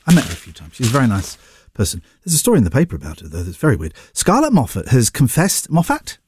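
A man's voice: low voice, big pitch swings, racing, mellow, slightly rough, no room sound, studio quality. A man hosting a radio show, casually chatting about newspaper stories with wry asides. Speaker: radio host.

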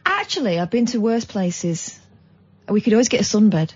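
A woman's voice: medium pitch, big pitch swings, moderate pace, muffled recording. A woman co-hosting a radio show, answering in dry, matter-of-fact banter. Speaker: radio co-host. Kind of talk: casual radio chat.

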